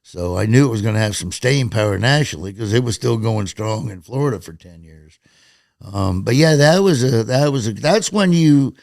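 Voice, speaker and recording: A man's voice: mid-range voice, normal speed, vocal fry, no room sound, studio quality. A middle-aged man, a stand-up comedian telling stories casually in an interview and acting out quotes in raised voices. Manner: animated storyteller, acts out quotes in raised voices.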